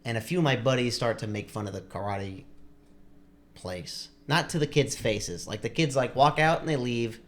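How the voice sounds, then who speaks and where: A man's voice: medium pitch, moderate pace. A young man on a podcast telling a long story in a casual, rambling way, full of likes and restarts. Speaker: podcast co-host.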